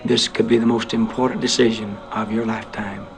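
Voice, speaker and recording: A man's voice: lowish voice, level tone, brisk, natural voice. An actor playing a predatory male preacher in an old film, coaxing people to the altar. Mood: pleading. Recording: film clip with music behind.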